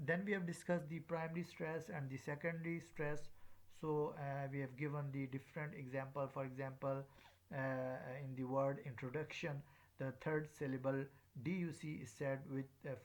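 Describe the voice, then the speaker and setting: A man giving a recorded lecture as a teacher, speaking in a hesitant way with many filler sounds. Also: medium pitch.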